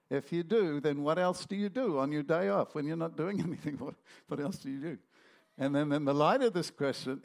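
Man, preacher, sermon, gravelly, slightly high voice, animated storytelling.

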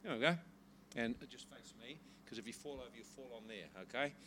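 A man preaching to a congregation, telling a healing story in a lively, animated way. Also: medium pitch, brisk, a little hiss or hum. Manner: animated storytelling, rises to laughing excitement. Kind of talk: sermon with personal story.

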